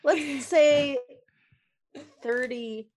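A woman's voice: high voice, drawn-out words, darkish tone. A woman chatting casually and wryly with friends. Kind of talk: casual group chat.

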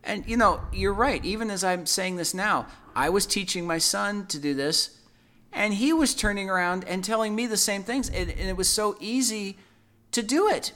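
Co-hosting a Bible study, this man speaks at a normal speed in a high-sitting voice that sounds pushed and bright. He teaches in an earnest, conversational way, repeating his phrases often and acting out everyday quotes.

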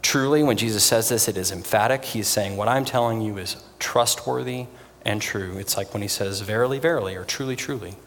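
A man preaching a sermon in an earnest, emphatic way, pausing for weight. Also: on the low side, fairly bright tone, big-room sound, a little hiss or hum. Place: church.

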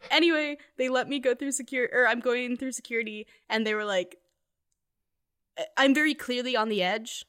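A woman's voice: fairly high pitch, normal speed, a bit bright, clear, resonant tone. A young woman telling a personal story in casual conversation, full of fillers and laughing asides. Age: young adult. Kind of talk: casual chat.

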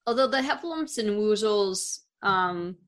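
A woman chatting casually in an even, mid-pitched voice. She talks thoughtfully and hesitates now and then as she finds her words. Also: measured pace. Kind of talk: casual chat.

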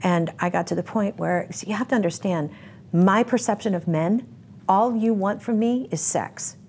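A woman's voice: mid-range voice, normal speed, a little mellow, slight background noise. A woman giving a candid interview, telling her story bluntly and vividly. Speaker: interview guest.

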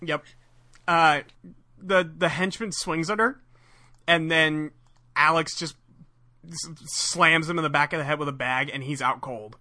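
A podcast co-host in casual chat, retelling a cartoon episode in an animated way and laughing often. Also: medium pitch, a little slow, pauses often. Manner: animated storyteller, laughs often, retells scenes with quoted voices.

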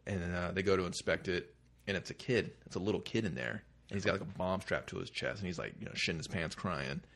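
A man's voice: sits low, fast talker, gravelly, a bit bright. A man co-hosting a podcast in casual chat, rambling and hesitant with lots of fillers. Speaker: podcast co-host.

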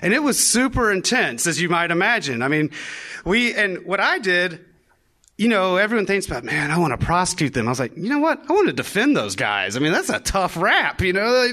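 His voice is high, sing-song, bright, and forceful, and he talks fairly quickly. A young live storyteller on stage, he spins a funny personal tale for the audience, poking fun at himself wryly and performing the quoted lines.

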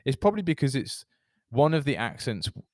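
Lively-voiced man chatting on a podcast. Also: medium pitch, fairly quick, dry recording, clean studio sound. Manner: rambling, self-interrupting, jokey. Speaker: podcast co-host. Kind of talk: casual chat.

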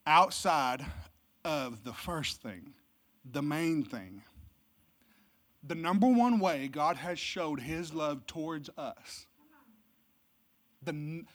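A pastor preaching a Christmas sermon, swinging from loud, emphatic exclamations to low, hushed delivery. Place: church service.

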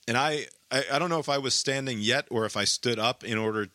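A man talks through a football game in casual chat, animated and profane, with a lot of "like" in his speech. His voice is bright and forceful, and the sound is dry and close. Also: mid-range voice, quick pace, dry recording. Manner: animated, profane storytelling with many fillers.

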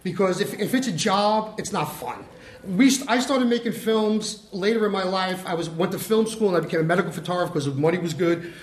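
An older man with a notably high voice tells lively stories as a guest filmmaker, acting out the lines of the people in them. The sound has a roomy echo. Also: brisk. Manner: animated, acts out quotes. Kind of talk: casual storytelling chat. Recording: roomy echoey room.

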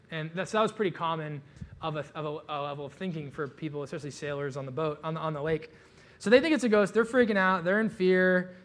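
A man preaching a conversational sermon, casual and animated, with joking asides and frequent fillers. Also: on the high side. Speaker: pastor.

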